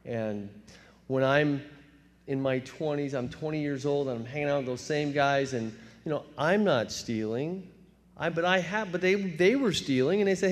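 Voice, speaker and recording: A man in his fifties telling his story in a big hall. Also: fairly high pitch. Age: 50s. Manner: storytelling, acts out his younger self in quick voices, laughs at himself. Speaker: recovery meeting speaker. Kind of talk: personal testimony talk. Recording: long hall reverb.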